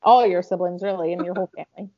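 A woman's voice: on the low side, steady tone, racing, a little mellow, lo-fi sound. A woman with a Southern American accent, co-hosting a podcast in casual chat, talking in a chatty way with lots of fillers. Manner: chatty, lots of "like" and self-talk. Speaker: podcast co-host.

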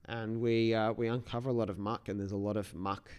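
A man's voice: fairly low pitch, little pitch movement, fairly quick, a little mellow, clean tone. A man hosting a solo podcast, talking in a casual, rambling way with many restarts. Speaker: podcast host.

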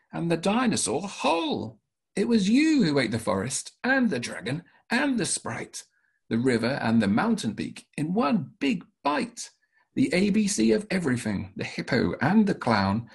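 Guy doing a squeaky little storybook rabbit, bold and bouncy, bit raspy underneath. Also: full character voice. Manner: high, bouncy storybook read-aloud. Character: small plucky rabbit confronting a lion. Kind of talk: storybook read-aloud.

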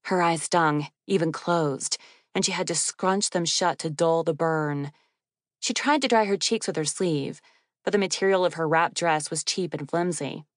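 A woman narrating an audiobook in a wry, expressive reading. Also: deep voice, dry recording, studio quality. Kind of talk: scripted narration.

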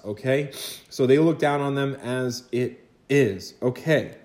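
A man's voice: medium pitch, a little mellow. Chatty male history teacher, echoey room. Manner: chatty, rhetorical asides and quick acted quotes. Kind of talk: recorded lecture for students.

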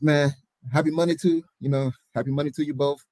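A man's voice: fairly high pitch, steady tone, fast talker, mellow, no echo. Laid-back man, dry close sound. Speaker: co-host called Coach. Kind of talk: casual sports chat.

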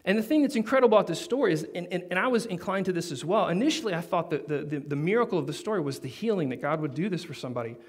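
Animated preaching man, rising emphasis. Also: high-pitched, racing, hardly any pauses. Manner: animated, builds to emphatic peaks, storytelling. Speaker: pastor. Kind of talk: sermon.

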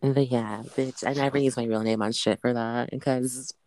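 A brash man chats on a podcast and swears freely. His voice is smooth and resonant, and the sound is dry. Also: mid-range voice, steady tone, normal speed, darkish tone, dry recording. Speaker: podcast co-host. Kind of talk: casual chat.

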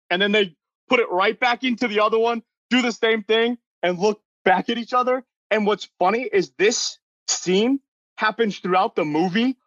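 A man's voice: high voice, a bit bright, no echo. Young man telling a rambling, amused story. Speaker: podcast panelist. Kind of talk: casual chat. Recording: dull lo-fi recording.

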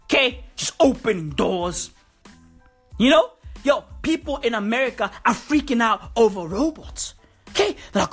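A woman's voice: a little high, big pitch swings, moderate pace, breathy edge, faint music behind. A woman delivering a profane, mocking comedy rant full of slang.

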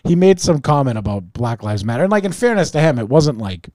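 A man co-hosting a podcast in casual, profane chat, animated and often restarting his sentences. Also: medium pitch, a little fast, no room sound, studio quality. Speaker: podcast co-host.

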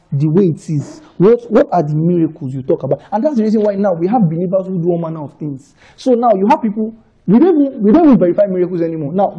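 A man's voice: sits high, dark tone, husky, lo-fi sound. A man with a Nigerian accent preaching a conversational sermon, repeating phrases for emphasis and often checking that listeners are following. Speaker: pastor.

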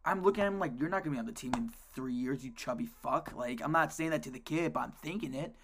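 A man co-hosting a casual podcast, telling coaching stories in an animated way and swearing a lot. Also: medium pitch, quick pace, noisy background. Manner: animated storytelling, heavy swearing. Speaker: co-host, youth lacrosse coach.

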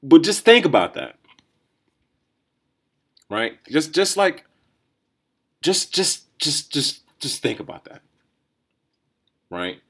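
A man hosting a solo podcast, riffing in a rambling, think-out-loud way with lots of restarts and "right?" tags. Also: fairly high pitch, very animated, slow pace, long pauses, breathy edge. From New Jersey or New York area, USA. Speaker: podcast host. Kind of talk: casual solo commentary.

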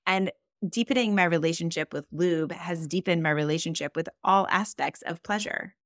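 A woman's voice: lowish voice, normal speed, dry recording. A woman co-hosting a podcast, chatting candidly and animatedly with lots of fillers, close to the mic. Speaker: podcast co-host. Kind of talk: casual chat.

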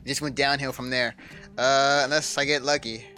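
A man playing a tabletop game, excitable and groaning at his own bad rolls. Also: medium pitch, moderate pace, soft background music. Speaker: player. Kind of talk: casual game chat.

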